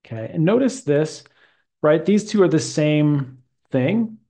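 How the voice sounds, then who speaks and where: A man teaching English grammar, speaking slowly and deliberately and drawing out key words for a student. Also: a little high, lively intonation, dark tone.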